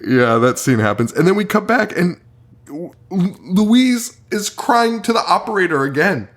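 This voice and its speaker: A man's voice: high voice, very animated, normal speed. A young man co-hosting a podcast, recapping a horror movie in casual talk, swearing a lot and laughing often. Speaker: podcast co-host.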